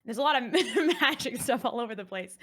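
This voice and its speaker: A woman's voice: fairly high pitch, expressive, brisk, fairly bright tone. A woman streamer telling a story and teasing friends crudely in voice chat, often laughing.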